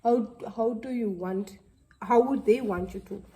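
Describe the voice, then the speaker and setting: Warm-voiced woman, halting and heartfelt. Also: on the high side, rough recording. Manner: halting, heartfelt, with many restarts. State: close to tears. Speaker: vlogger. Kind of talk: casual talk to camera.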